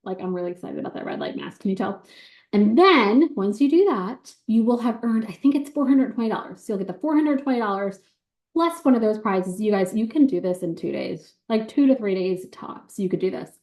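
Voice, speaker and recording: A woman giving an excited, bubbly sales pitch on a video call, talking fast with many ums. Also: roomy sound.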